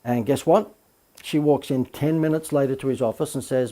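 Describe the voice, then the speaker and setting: Man coaching with lively stories. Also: medium pitch, moderate pace. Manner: lively anecdotal storytelling with emphatic asides. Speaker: marketing coach. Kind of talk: recorded course lecture.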